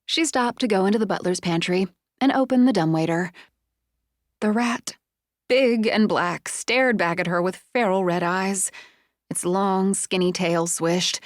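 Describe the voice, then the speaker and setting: A woman narrating a suspense audiobook in a measured, expressive way, close to a studio mic. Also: mid-range voice, no echo. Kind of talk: scripted narration.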